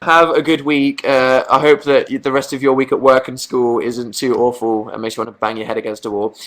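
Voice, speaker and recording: A man's voice: mid-range voice, fairly even intonation, moderate pace, few pauses, fairly bright tone. A young man, chatting casually on a livestream as he answers viewer questions, hesitant and self-deprecating.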